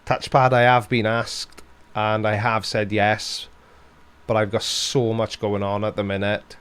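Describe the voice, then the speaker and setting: This Welsh man's fairly low voice shows little pitch movement as he casually responds to viewers' questions on a live stream. He's a little slow, laughs often, has a dry sarcastic wit, and his tone is fairly bright and clean.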